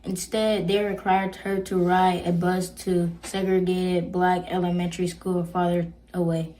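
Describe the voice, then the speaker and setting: A woman reading a prepared history presentation at a church program in a steady, measured way. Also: lowish voice, rough recording.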